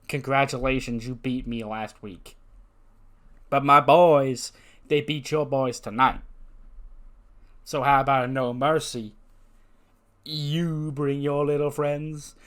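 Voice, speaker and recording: A man's voice: mid-range voice, a bit bright, clear, resonant tone. Guy doing an arrogant wrestler, smug and gloating, full of himself. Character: arrogant boastful male wrestler.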